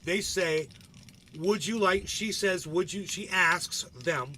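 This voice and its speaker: A man hosting a casual livestream, talking in a loose, rambling way and swearing freely. He keeps checking in with his listeners with a quick "right?". Faint keyboard typing sits in the background, and his voice is slightly high for a man. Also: bright, forceful tone, a little hiss or hum. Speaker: livestream host. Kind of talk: casual live commentary.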